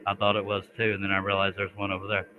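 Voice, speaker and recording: On a live stream, a man with a fairly low, monotone voice chats casually at rapid-fire speed while doing woodworking in his workshop, joking and talking to himself. The audio is narrow and tinny, with crowd noise in the background.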